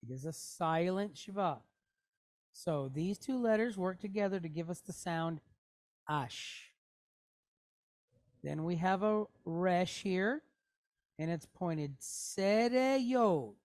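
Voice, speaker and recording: A woman's lowish, slightly mellow voice has lively intonation and a slow pace, with no room sound. Teaching a classroom Hebrew reading lesson, she patiently breaks things into steps and often asks her students "okay? right?"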